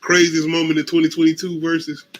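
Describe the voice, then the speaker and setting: A man co-hosting a casual talk show, telling stories with animated acted-out quotes and frequent laughter. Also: fairly high pitch, fast talker, a little hiss or hum, poor audio. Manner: animated storytelling, acts out quotes, laughs often. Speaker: podcast co-host. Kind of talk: casual chat.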